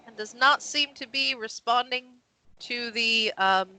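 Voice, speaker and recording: A woman's voice: fairly high pitch, unhurried, pushed and bright, low-quality recording. A woman running a tabletop game as game master, narrating scenes and patiently explaining the rules.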